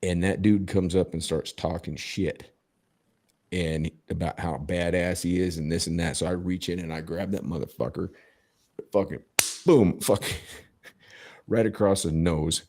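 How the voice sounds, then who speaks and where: Gravelly deep-voiced man telling a profane story. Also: fairly even intonation, normal speed, darkish tone. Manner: emphatic, swears heavily, many restarts. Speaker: podcast host.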